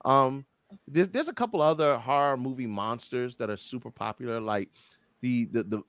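A man's voice: medium pitch, moderate pace, clear, resonant tone, dry recording. A man co-hosting a casual group chat, joking and swearing with friends. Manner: animated, joking, profane.

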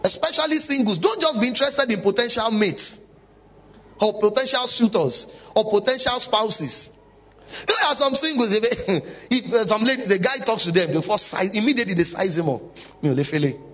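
A man's voice: high voice, lively intonation, moderate pace, pushed and bright. A man preaching a sermon in church, emphatic and full of rhetorical questions. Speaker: pastor. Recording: dull lo-fi recording.

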